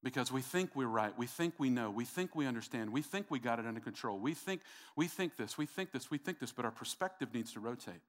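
A man's voice: medium pitch, animated, brisk, few pauses. A middle-aged man preaching a sermon, emphatic and repetitive, calling out to the congregation. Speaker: pastor.

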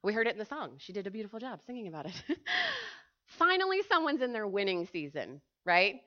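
A woman giving a casual, animated sermon to a church group, chatty and full of fillers, often asking her listeners questions. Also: mid-range voice, fairly quick. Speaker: church speaker. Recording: dull lo-fi recording.

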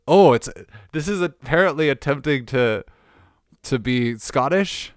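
A man's voice: mid-range voice, animated, unhurried, clear, resonant tone, no room sound, studio quality. A man hosting a podcast, casually reading odd text aloud and laughing at it. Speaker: podcast host.

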